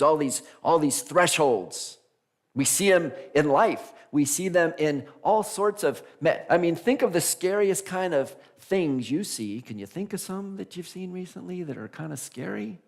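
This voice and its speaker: Guy preaching in church, lively and chatty, mid pitch, plays out little voices. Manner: animated, acts out voices of guardians; conversational, laughing. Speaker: minister. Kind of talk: sermon. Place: church sanctuary.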